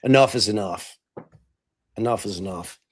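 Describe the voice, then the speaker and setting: A man's voice: fairly low pitch, normal speed. A man hosting a podcast in casual chat, rambling with lots of swearing, fillers and restarts. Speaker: podcast host.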